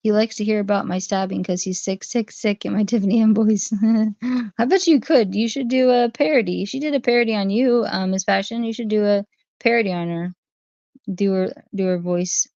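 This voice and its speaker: A woman hosts a casual livestream and answers her chat one comment at a time. Her voice has a gravelly fry under it. The sound is dry and a little dull, like lo-fi stream audio. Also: mid-range voice, moderate pace, mellow, dry recording. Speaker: livestream host.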